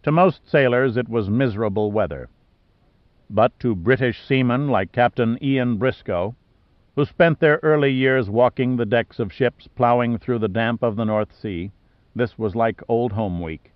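A man's voice: medium pitch, a little slow, no room sound. Man reading an adventure novel aloud. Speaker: audiobook narrator. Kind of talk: scripted narration. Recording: dull dry studio audio.

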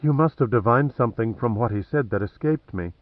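A man's voice: medium pitch, animated, fairly quick, dry recording, phone-quality sound, natural voice. A man voicing a sultry, teasing woman agent. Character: sultry, dry-witted female government agent.

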